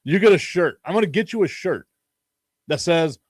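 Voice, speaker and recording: A man's voice: on the high side, lively intonation, moderate pace, breathy edge, no echo, clean studio sound. A man hosting a casual sports talk stream, joking and rambling and laughing often. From Chicago. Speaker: sports talk show host.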